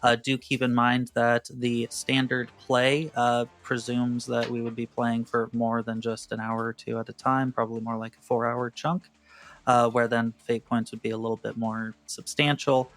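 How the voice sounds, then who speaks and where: A man running a tabletop roleplaying game as game master, relaxed and hesitant with lots of ums. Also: medium pitch, moderate pace.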